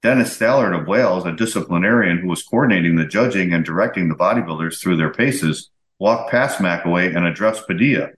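Low-voiced guy reading old mag articles on his podcast, steady and measured, echoey room. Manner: steady, measured storytelling read. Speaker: podcast host. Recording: roomy echo.

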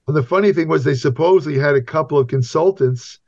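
A man's voice: on the high side, fast, darkish tone. A man talking as a guest writer on a podcast, rambling and repeating himself in casual chat. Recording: dull lo-fi sound.

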